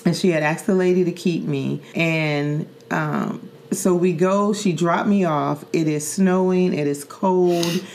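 A middle-aged woman from Saint Louis with a low voice tells a story from her own life on a podcast. She speaks earnestly and vividly, often repeating words and using fillers like "um" and "like" as she goes. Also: steady tone, a little slow, hardly any pauses, darkish tone, slight background noise. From Saint Louis, Missouri. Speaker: podcast host. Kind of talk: personal storytelling in casual chat.

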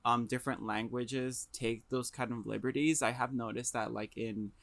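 Bright-voiced young man chatting casually. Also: medium pitch, normal speed, gravelly, dry recording. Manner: animated, stammers and restarts, mimics lines in quotes. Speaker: podcast co-host or guest. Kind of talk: casual chat.

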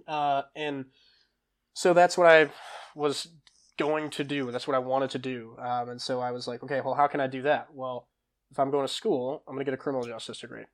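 A young man appears as a podcast guest, casually spinning stories in an easygoing manner at a moderate pace. His voice sits mid-range for a male, and he wanders through fillers and self-corrections, laughing and acting out quoted lines like a lively storyteller.

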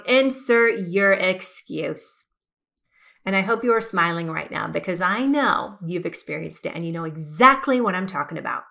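A woman hosting a podcast, giving an energetic, emphatic motivational talk and stretching key words for effect. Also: fairly low pitch, normal speed, gravelly. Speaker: podcast host.

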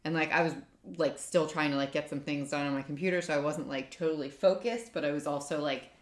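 A woman's voice: low-pitched, steady tone, fast, roomy sound. A woman in her thirties co-hosting a podcast, chatting casually and telling a long story full of "like" fillers. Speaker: podcast co-host. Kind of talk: casual chat.

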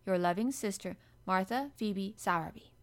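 A woman's voice: mid-range voice, normal speed, natural voice. Woman doing a hearty Yorkshire housemaid. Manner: broad dialect, hearty and exclaiming. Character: blunt cheerful young Yorkshire housemaid.

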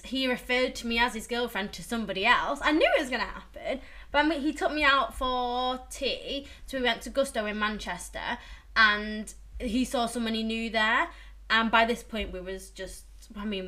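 A young woman co-hosting a casual podcast, giggly and animated as she tells stories. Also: a little high, moderate pace. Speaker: podcast co-host.

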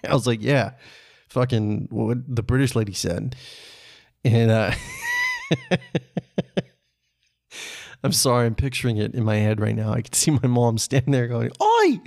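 A man from Canada telling a personal story on his podcast in a relaxed, conversational way, chuckling often and swearing casually. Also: mid-range voice, normal speed, gravelly. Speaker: podcast host.

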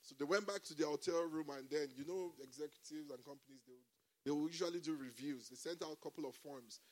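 An animated male preacher with a fairly high voice, mixing humor and bursts of praise into his sermon. He shifts between loud exclamations and quieter storytelling. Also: fast talker. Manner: folds laughter and humor into preaching. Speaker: pastor.

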